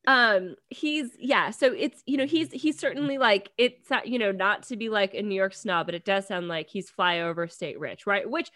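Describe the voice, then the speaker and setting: A woman hosting an advice podcast, chatting loosely and circling back with plenty of fillers. Her pitch sits in a middle register. The sound is dry and close to the mic. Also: moderate pace, hardly any pauses, pushed and bright, dry recording. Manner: chatty, rambling with many fillers. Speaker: podcast host reading advice letters. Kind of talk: casual chat.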